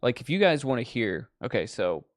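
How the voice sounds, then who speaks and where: A man's voice: medium pitch, sing-song, fairly quick, dry recording, clean studio sound. A man hosting a horror movie show, chatting casually with profane, digressive storytelling. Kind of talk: casual rambling chat.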